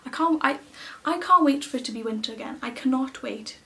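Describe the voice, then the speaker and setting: A woman's voice: high-pitched, lively intonation, a little fast, fairly bright tone. A young woman talking casually to the camera from a small cluttered room at home, chatty and full of fillers, retelling what people said. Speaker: vlogger. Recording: slightly distant with faint room noise.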